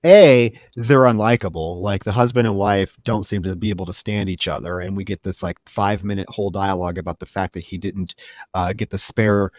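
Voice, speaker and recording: A man's voice: deep voice, fairly even intonation, brisk, darkish tone, no echo. A man co-hosting a movie podcast, wryly recapping the plot in casual chat. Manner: wry, recapping plot at length. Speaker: podcast co-host.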